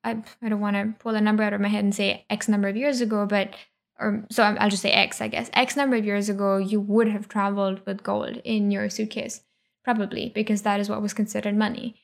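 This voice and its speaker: A woman's voice: mid-range voice, level tone, quick pace, vocal fry. A woman co-hosting a podcast, explaining things in a casual, hesitant way as she searches for words. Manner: hesitant, with many fillers and restarts. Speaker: podcast co-host.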